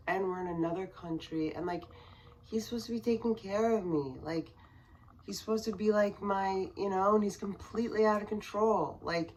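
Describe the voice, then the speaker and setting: Woman, low register, vlogger recounting a personal story, loose and filler-heavy, sinks to a hush when it gets tense. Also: slight background noise, poor audio. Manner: rambling, peppered with fillers; voice drops to near whispers at tense moments.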